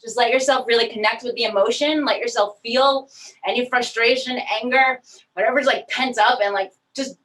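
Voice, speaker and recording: A woman's voice: fairly high pitch, moderate pace, fairly bright tone. A woman leading a guided movement and breathing session, soothing and encouraging with step-by-step cues. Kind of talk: guided exercise instructions. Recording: voice from far off the mic.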